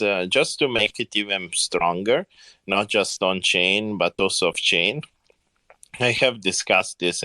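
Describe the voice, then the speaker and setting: A man, a project founder answering questions in a live audio Q&A, halting with many fillers and phrasing. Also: low voice, bright, forceful tone, no room sound.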